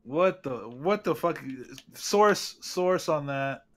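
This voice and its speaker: A man's voice: fairly high pitch, expressive, slow, fairly bright tone. A man chatting casually on a stream, rambling through half-formed ideas, swearing and laughing often.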